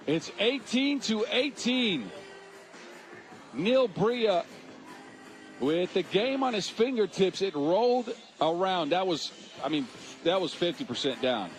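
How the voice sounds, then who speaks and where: Male play-by-play caller, high bright voice, live courtside energy over loud arena music. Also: slow pace. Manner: excited, shouting at big moments. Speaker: play-by-play commentator. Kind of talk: live basketball commentary. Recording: music playing loud behind the voice.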